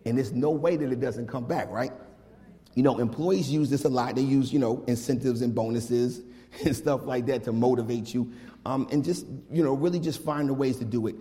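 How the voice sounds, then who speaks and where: A man preaching a casual, lively sermon, animated and full of slang, talking to his congregation like old friends. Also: medium pitch, moderate pace. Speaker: pastor. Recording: long hall reverb.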